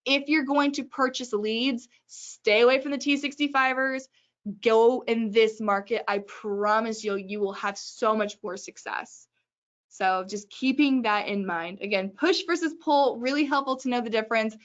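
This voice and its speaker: Brief: woman webinar host, slightly high voice, chatty and joking, dull lo-fi stream sound. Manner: chatty, joking, brisk advice. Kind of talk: casual webinar talk.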